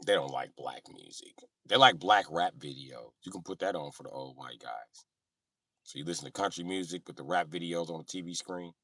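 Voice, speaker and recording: Man livestream host, low lively voice, comic rant, dry distant mic. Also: brisk, dry recording. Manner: animated, joking, swings loud and quiet. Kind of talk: casual profane comedic rant.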